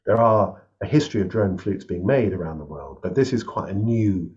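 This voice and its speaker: A man, a composer and flute maker, telling a story in a casual chat over a video call, animated and laughing often as he acts out the people in it. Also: deep voice, normal speed. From England. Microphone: webcam on a video call. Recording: slightly dull lo-fi call audio.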